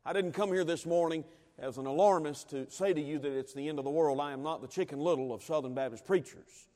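A man preaches in a folksy, dramatic style, swinging into emphatic rises. His voice sits fairly high for a man. Long reverb rings out around him in a large hall. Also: fast talker, warm tone. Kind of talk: sermon with a humorous story.

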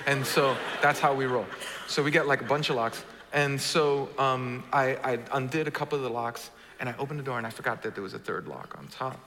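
A man preaching a sermon, jumping from booming, joking lines to hushed, quiet ones as he works the crowd. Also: fairly quick, slight background noise. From Brooklyn. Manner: animated, swings from booming to hushed, jokes with the crowd. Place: church auditorium. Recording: large reverberant hall.

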